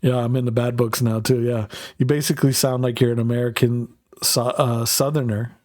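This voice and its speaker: A man's voice: medium pitch, little pitch movement, brisk, darkish tone, no echo. Man as a rambling, casual game streamer. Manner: rambling, loose, swears freely. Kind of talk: casual live-stream chat while gaming.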